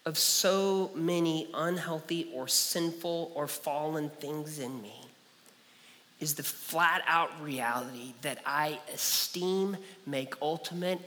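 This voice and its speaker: A man preaching in a church sanctuary, his voice bright and forceful with a long hall reverb behind it. He speaks in a slightly raised register, earnest and personal, circling back to repeat his key phrases. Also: on the high side, slow. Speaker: pastor. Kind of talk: sermon.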